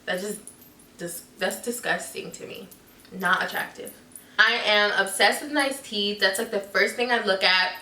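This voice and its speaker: A young woman chatting loudly and playfully in a casual vlog. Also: medium pitch, a little slow, recorded from a distance. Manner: loud, goofy and chatty. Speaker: vlogger. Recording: echoey room, off the mic.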